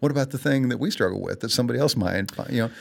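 Co-hosting a casual faith-based podcast, a man speaks in a racing, mid-range voice with vocal fry. He's earnest, candid and self-deprecating, laughing often at himself, and gets emotional enough to tear up on heartfelt points.

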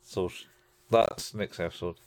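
Low-voiced man recapping an anime. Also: steady tone, unhurried, darkish tone, no room sound. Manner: rambling, acts out quotes in raised voices. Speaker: podcast co-host. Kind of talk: casual chat recapping an anime.

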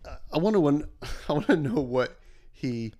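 A man's voice: fairly high pitch, lively intonation, normal speed, mellow. A man co-hosting a podcast in casual chat, rambling with many fillers and hesitations. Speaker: podcast co-host.

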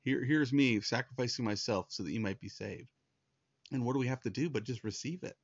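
A man's voice: mid-range voice, fairly quick, dry recording, highs cut off. A man preaching a sermon in an earnest, conversational way, often restarting his sentences. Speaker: pastor.

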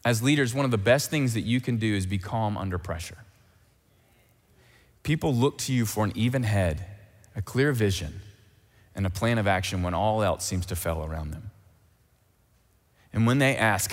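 A man preaching a sermon as pastor, animated and emphatic, repeating key phrases. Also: on the low side, normal speed, pauses often, in a large hall.

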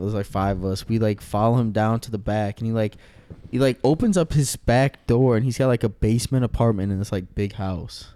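A man's voice: fairly low pitch, brisk, dark tone. A young man telling a story in casual podcast chat, rambling with many fillers and swear words.

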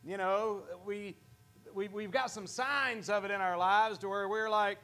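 A pastor preaching a sermon in a church, earnest, often repeating and restarting words. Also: male voice, high voice, fairly even intonation, unhurried, sharp tone.

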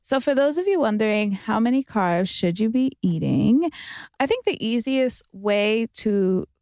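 A woman co-hosting a nutrition podcast, relaxed and full of "like" fillers. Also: on the high side, unhurried, dry recording, studio quality. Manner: relaxed, filler-heavy with many likes. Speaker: podcast co-host. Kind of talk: casual chat.

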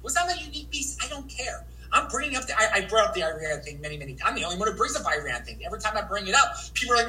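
An American man talking as a livestream guest, animated and rambling, stammering and repeating words as he goes. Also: sits high, very fast, hardly any pauses, reverberant, distant mic, slight background noise, poor audio. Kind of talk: livestream interview.

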